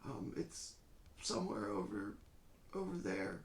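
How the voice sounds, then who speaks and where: A man's voice: lowish voice, sing-song, a little slow, gravelly, roomy sound, pitched below the performer's own voice, exaggerated voice. A man doing a frail, stammering old man. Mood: frail, fretful. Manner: faltering, stammering speech. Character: frail hunched old man, timid and fumbling.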